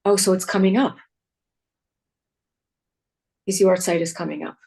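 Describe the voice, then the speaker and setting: A woman host chatting with her guest after a talk, responding warmly and thinking aloud. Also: fairly low pitch, fairly even intonation, measured pace, creaky. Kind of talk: casual chat.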